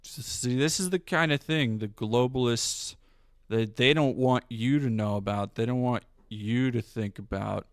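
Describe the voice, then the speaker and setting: A streamer mocking a slow-talking man streamer with a drawling, hesitant voice. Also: mid-range voice, no room sound, studio quality, pitched below the performer's own voice, lightly acted.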